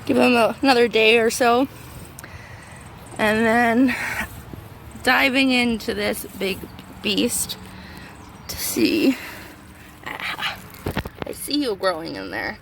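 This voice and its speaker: Woman, excitable garden vlogger, slightly high voice, squeaky at times, talks to her plants, outdoors, handheld camera, faint background noise. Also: slow pace, creaky, pauses often. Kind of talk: casual garden tour.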